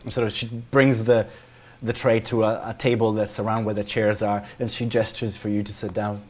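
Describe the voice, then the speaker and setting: A man's voice: on the low side, little pitch movement, a little fast. A man running a tabletop game as game master, narrating in a loose way with many fillers and restarts.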